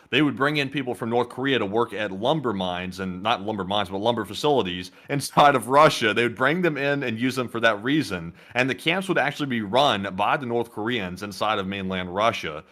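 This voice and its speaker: A man co-hosting a casual war news chat, talking in a relaxed, self-deprecating way. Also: lowish voice. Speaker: co-host.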